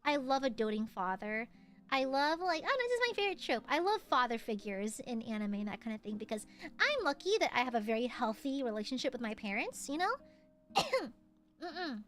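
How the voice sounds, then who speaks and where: A woman's voice: high-pitched, sing-song, normal speed, a bit bright. A young woman streamer in casual chat, rambling and laughing often. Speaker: VTuber streamer.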